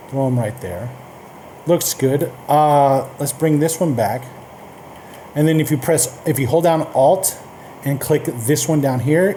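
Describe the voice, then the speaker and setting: A man's voice: fairly high pitch, dark tone, slight background noise. A man teaching a casual coding lesson, reading documentation aloud with loose, chatty asides. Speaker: coding tutorial host.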